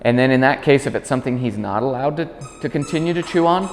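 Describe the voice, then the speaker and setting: A man working as a dog trainer, explaining commands in a calm instructional demonstration. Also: fast talker, long reverb tail, noisy background. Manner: calm explaining, high-pitched praise to the dog.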